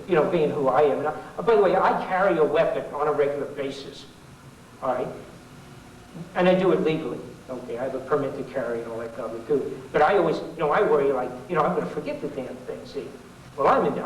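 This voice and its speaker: A middle-aged man speaks to an audience in a folksy, sarcastic, rambling way, full of asides. His voice sits somewhat high for a man. He was taped from a distance in a roomy hall with faint background ambience. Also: a little hiss or hum. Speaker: public speaker. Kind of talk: informal political talk to an audience. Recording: echoey 1990s hall recording from far off.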